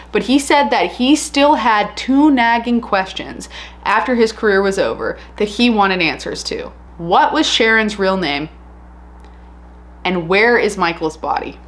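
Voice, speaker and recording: A woman casually narrating a true crime case, chatty and candid with an animated retelling. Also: medium pitch.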